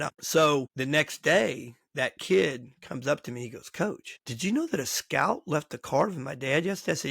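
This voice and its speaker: Gravelly-voiced man telling coaching stories. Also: mid-range voice, no room sound, clean studio sound. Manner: animated storyteller acting out quoted dialogue. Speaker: podcast host and baseball coach. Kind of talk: storytelling in casual interview chat.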